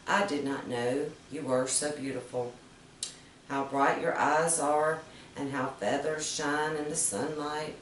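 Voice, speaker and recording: A woman voicing a sly male fox in a storybook reading, drawing out her words in a slow, flattering way. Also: deep voice, a little hiss or hum. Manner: slow, sweet-talking. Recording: roomy, distant mic.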